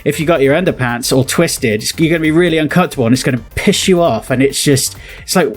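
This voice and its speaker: A British man talks through slang in loose, rambling commentary, laughing as he goes. His voice sits at an ordinary mid pitch. Faint music plays underneath. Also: fast, hardly any pauses, husky. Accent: British English. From England. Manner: chatty, rambling, laughs often, puts on quoted phrases. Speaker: game developer and video host. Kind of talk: casual reaction commentary.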